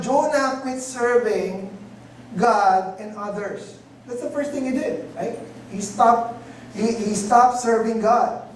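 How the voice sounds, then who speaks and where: A pastor delivers a sermon, often asking his listeners rhetorical questions and slipping Tagalog phrases into his English. The voice rings through a very echoey hall. It is picked up from a distance, with a faint ambient hum underneath. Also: medium pitch. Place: church hall.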